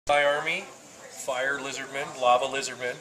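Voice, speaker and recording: A man's voice: medium pitch, steady tone, moderate pace, pushed and bright, soft background music, rough recording. A man playing a tabletop game, listing his army in a matter-of-fact way with frequent ums. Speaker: opposing tabletop player. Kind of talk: casual game talk. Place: indoor game store. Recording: camera mic picking up a busy crowd.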